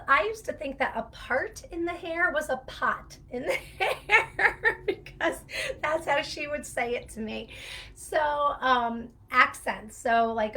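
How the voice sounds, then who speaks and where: Bright, chatty woman speech therapist. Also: fairly high pitch. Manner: chatty, rambling with fillers and laughs. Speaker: speech-language pathologist. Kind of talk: casual teaching talk to camera.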